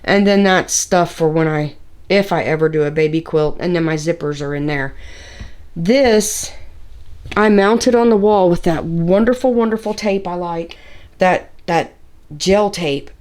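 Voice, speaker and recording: A woman's voice: on the low side, measured pace, a little mellow. Chatty woman touring her room. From Tennessee, US. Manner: chatty, rambling, with filler words and restarts. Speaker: sewing vlogger. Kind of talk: casual room tour. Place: home sewing room.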